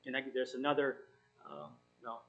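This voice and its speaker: A man giving an informal sermon, reading scripture and encouraging his listeners in an earnest, halting way with frequent self-corrections. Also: mid-range voice, sing-song, a bit bright, lo-fi sound. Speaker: Bible study teacher.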